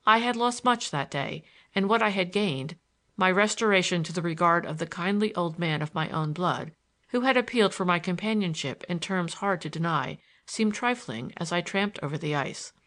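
A woman narrating a novel in a measured, expressive reading. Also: on the low side. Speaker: audiobook narrator. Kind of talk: scripted narration.

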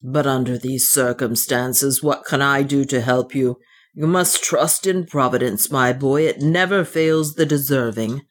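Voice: mid-range voice, unhurried, lightly acted. A reader voicing pompous old clergyman Mister Beach. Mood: unctuous. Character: pompous older male clergyman, condescending. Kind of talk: audiobook reading.

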